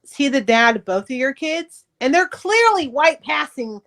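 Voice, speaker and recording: A middle-aged woman, an author on a podcast, candidly telling her life story in casual, profane, animated speech. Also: sits high, moderate pace.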